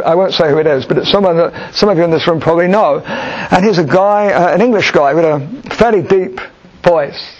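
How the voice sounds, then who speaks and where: A middle-aged man answering an audience question with a personal story, thoughtful and halting, with frequent restarts. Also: a little high. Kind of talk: storytelling Q&A talk. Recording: dull lo-fi recording.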